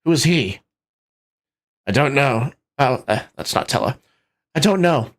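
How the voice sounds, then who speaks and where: A man's voice: mid-range voice, lively intonation, a little slow, lightly acted. A man reading a timid grieving young prince. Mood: sad.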